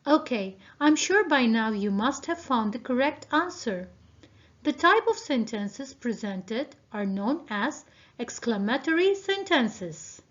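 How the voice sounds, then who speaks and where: A woman teacher giving a recorded video lesson, speaking deliberately and addressing her students directly. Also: a little high, sing-song. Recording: dull lo-fi video audio.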